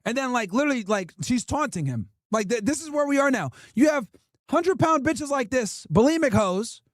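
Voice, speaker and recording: Brief: high-pitched man, stream host, blunt profane rants, dry close sound. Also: animated, normal speed, dry recording, soft background music. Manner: profane, blunt, emphatic ranting. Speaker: livestream host. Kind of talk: casual streaming rant reacting to clips.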